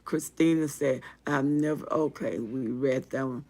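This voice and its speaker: A woman's voice: a bass voice, a little slow, darkish tone. A woman hosting an advice talk, speaking in an emphatic, repetitive, sermon-like cadence and reading out viewer comments. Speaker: relationship advice host.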